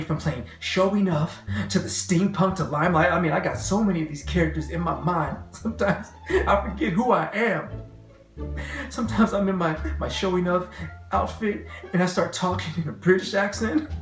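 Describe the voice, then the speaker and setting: A man who is an actor giving a comedic monologue to camera, animated and self-mocking, laughing often. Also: high voice, echoey room.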